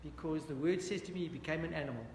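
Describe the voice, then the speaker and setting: Bible study teacher, male, high voice, echoey hall with long reverb, faint background ambience. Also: fast talker, a little mellow, a little hiss or hum. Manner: earnest, questions the audience, repeats "dear friends". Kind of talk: interactive Bible study lesson.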